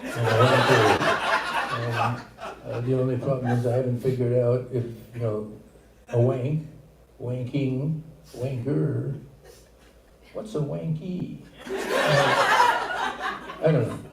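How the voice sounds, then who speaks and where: An older man doing a stand-up set, with a halting, rambling delivery full of restarts. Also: medium pitch, fairly even intonation, vocal fry. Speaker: stand-up comedian. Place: comedy theater stage, live audience. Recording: echoey room, far from mic, noisy.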